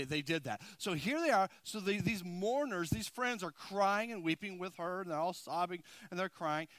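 A man preaching a sermon as pastor, swinging between loud emphasis and hushed intensity, repeating words and checking in with his congregation. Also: on the high side, no room sound.

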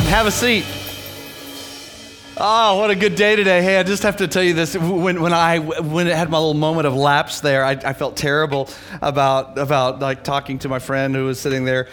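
A man's voice: a little high, brisk, over music. A man pastoring a church, energetically leading his congregation from the platform before introducing a guest speaker. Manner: energetic, rallies the congregation to read aloud.

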